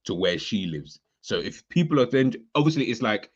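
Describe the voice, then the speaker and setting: A man from London chatting in casual football banter, halting and full of restarts. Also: medium pitch, sing-song, muffled recording.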